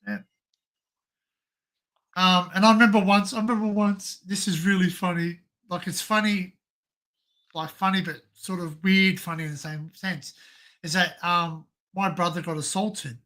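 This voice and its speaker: A man's voice: high voice, fairly even intonation, a little slow, sharp tone. An Australian man hosting a livestream, telling rambling stories full of "you know, like" fillers in casual chat. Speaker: livestream host.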